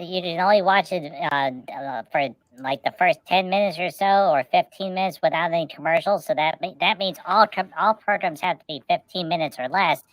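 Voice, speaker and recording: A woman's voice: fairly low pitch, dry recording. A woman co-hosting a casual podcast, riffing playfully and rambling through jokes with many restarts. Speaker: podcast co-host. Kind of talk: casual chat, joking riffs.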